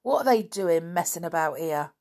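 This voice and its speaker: A woman's voice: lowish voice, lively intonation, normal speed, a little mellow, close to an everyday voice. Sneering, hostile circus acrobat man played by a woman reader for a storybook.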